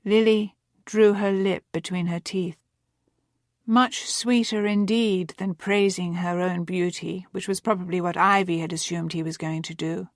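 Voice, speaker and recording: Slow careful woman reading a novel aloud, dry close sound, calm storyteller. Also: lowish voice, dry recording. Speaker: audiobook narrator. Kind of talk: scripted narration.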